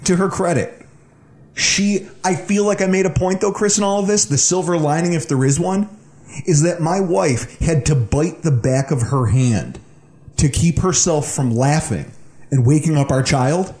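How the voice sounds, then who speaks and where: A man's voice: a little high, normal speed, a little mellow. A man in his thirties from the Buffalo area, co-hosting a podcast and telling a funny story in a casual, laughing way. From Buffalo, New York area. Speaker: podcast co-host.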